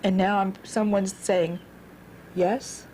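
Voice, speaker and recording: A woman in her forties telling her own life story in an earnest, halting way, repeating words as she goes. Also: medium pitch, little pitch movement, mellow, slight background noise. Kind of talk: personal storytelling.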